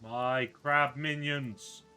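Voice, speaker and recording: Man doing a booming pompous crab wizard. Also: steady tone, drawn-out words, pushed and bright, clean tone, soft background music, full character voice. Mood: grandiose commanding. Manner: booming, grandiose proclamations. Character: pompous self-crowned male wizard commanding crab minions. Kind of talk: improvised role-play while gaming.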